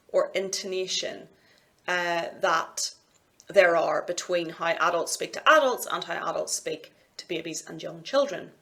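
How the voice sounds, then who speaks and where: A Scottish-accented woman delivers a recorded university lecture, explaining things clearly and in a measured manner and using sing-song examples. Her voice sits on the low side with a fairly bright tone.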